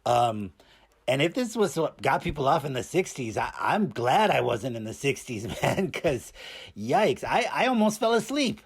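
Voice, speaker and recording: With big pitch swings, a breathy edge and a medium pitch, a man speaks at normal speed as a cheeky, randy male puppet reviewing movies. Bemused, the puppet stammers and rambles through its comedic review, leaning on filler words constantly.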